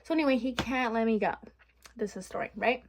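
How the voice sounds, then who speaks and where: A woman's voice: a little high, fast, background noise. A young adult woman vlogging from her bedroom, rambling frankly and venting with swearing in a casual chat.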